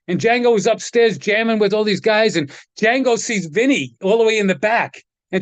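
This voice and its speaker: Middle-aged guy, kinda high voice, rambles through stories and does everyone's voices, dry close sound. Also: animated, normal speed, hardly any pauses, no room sound. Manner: rambling anecdotes, acts out quoted voices, frequent laughs. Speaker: guest, guitar tech. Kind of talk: casual storytelling interview.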